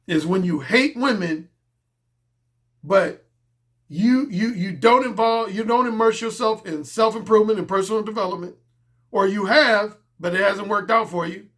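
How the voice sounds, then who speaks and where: A dating coach delivers a blunt, casual monologue, emphatic and profane, circling back often to his key points. His voice sits high with a fairly bright tone.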